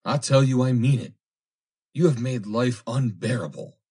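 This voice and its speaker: A man's voice: fairly low pitch, sing-song, normal speed, a little mellow, slightly rough. A man voicing a proud young woman who coolly rebuffs an insistent suitor, in a prim, reproving manner. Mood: indignant.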